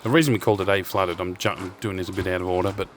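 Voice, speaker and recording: A man's voice: sits low, steady tone, very fast, background noise. An Australian man telling rambling, swear-laden stories while walking through a storm drain. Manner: rambling, swears freely, sidetracks. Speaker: urban explorer and channel host. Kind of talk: casual storytelling while walking.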